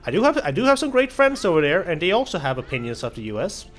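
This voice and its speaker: A man's voice: high-pitched, very animated, fast, fairly bright tone, faint music behind. A young man chatting casually while playing a game on a charity stream, rambling and swearing, with lots of restarts. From Sweden. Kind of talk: casual livestream chat while gaming.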